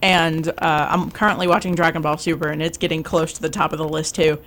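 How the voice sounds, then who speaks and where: Low-voiced young woman, halting chat. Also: steady tone, a bit bright. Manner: stammering with many fillers. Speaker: podcast co-host. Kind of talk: casual chat.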